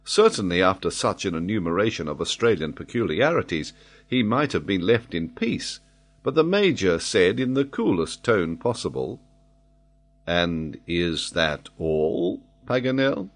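Expressive male audiobook narrator. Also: low-pitched. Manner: expressive, measured storytelling.

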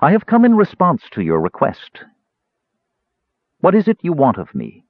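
Man doing a soft-spoken mocking young mage, sarcastic, hushed and hissing, audiobook, dull dry recording. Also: a little high, huge pitch swings, moderate pace, dry recording, pitched above the performer's own voice. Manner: soft, sarcastic, sinking to a hiss. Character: sardonic young male sorcerer, soft-voiced and mocking.

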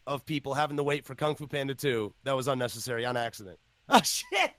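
A man hosting a casual podcast, excitable and loud, swearing often. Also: medium pitch, fast, no echo. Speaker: podcast host.

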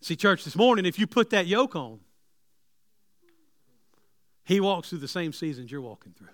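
A man preaching a sermon, moving between loud emphatic lines and soft, hushed ones. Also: sits high, big pitch swings, normal speed, dry recording, clean studio sound. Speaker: pastor. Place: church sanctuary.

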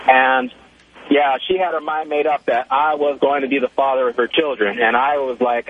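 A man's voice: medium pitch, fairly even intonation, normal speed. A man in his twenties calling a radio talk show and telling a boastful story in slangy, casual chat over a phone line. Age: 20s. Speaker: caller. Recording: tinny phone line with faint hiss.

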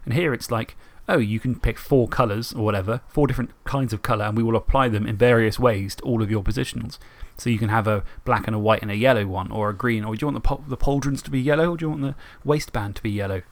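A man's voice: on the low side, quick pace, few pauses. Chatty man on a podcast. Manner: chatty, rambling, laughs often. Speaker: podcast co-host. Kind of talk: casual chat about tabletop and video games.

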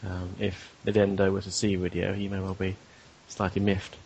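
A man's voice: low-pitched, monotone, normal speed, vocal fry, a little mellow, slight background noise. A man speaking persuasively and hesitantly, playing his character in a tabletop role-play game. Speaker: player.

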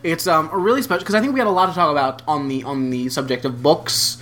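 A man's voice: on the high side, quick pace, fairly bright tone, slight background noise. A man co-hosting a podcast, telling a history story in a rambling, sarcastic, casual way with some swearing. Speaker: podcast co-host. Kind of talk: casual chat.

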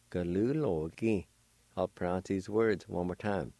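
A man teaching a language lesson on the radio, spelling words out slowly and carefully, letter by letter, in a patient way. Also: sits low, warm tone, no echo. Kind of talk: slow spelling and pronunciation lesson.

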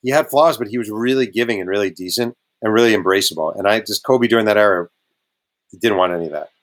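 A man's voice: fairly low pitch, fast. A man spinning locker-room anecdotes as a guest on an audio talk show. He talks casually and animates the stories by jumping into the voices of the people in them. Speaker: guest author. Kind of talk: casual storytelling interview.

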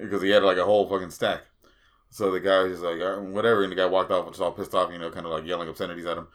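Man, low voice, casual podcast storyteller, rambling, swears a lot. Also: flat delivery, very fast, a bit bright. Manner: rambling storyteller, swears freely, many fillers. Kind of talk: casual chat.

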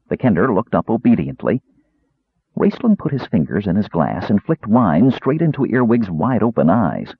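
A man narrating a fantasy novel in an expressive storytelling way. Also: on the low side, moderate pace, husky, no room sound. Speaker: audiobook narrator. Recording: dull lo-fi recording.

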